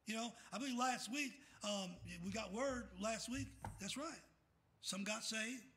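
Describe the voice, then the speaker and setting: A middle-aged man preaching a fiery sermon as pastor. He calls out questions for the congregation to finish and swings from shouting to soft, quiet asides. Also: high-pitched, measured pace, slight background noise. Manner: calls out "what?" for the congregation to fill in scripture.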